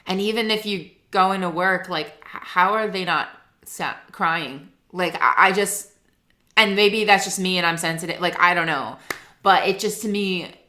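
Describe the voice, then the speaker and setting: A woman in her thirties speaks with a low voice but a bright, forceful edge. She talks as a guest songwriter in a loose, rambling chat, filling gaps with "like". She laughs easily and stays earnest. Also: normal speed. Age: 30s. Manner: rambling, heavy use of "like", laughs often; earnest and emotional. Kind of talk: casual interview chat.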